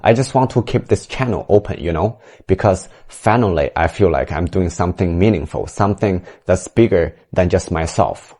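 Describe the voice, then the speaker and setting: A man giving a sincere, soft-spoken message to his followers. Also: low-pitched, normal speed, hardly any pauses, slightly rough.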